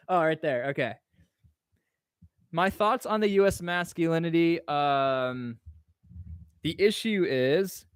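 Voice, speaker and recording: A man's voice: on the high side, clean tone, no echo, studio quality. A man hosting a casual livestream Q&A, reading chat questions aloud and answering in a rambling, offhand way. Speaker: livestream host.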